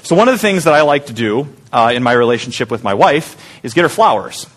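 A man's voice: medium pitch, big pitch swings, quick pace. A man preaching a conversational sermon to a church group in small pods, often asking the room questions. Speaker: pastor.

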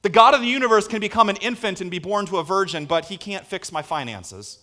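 Animated, higher-voiced man preaching. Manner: earnest, rhetorical questions, quick swings from hushed to emphatic. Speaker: pastor. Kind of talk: sermon.

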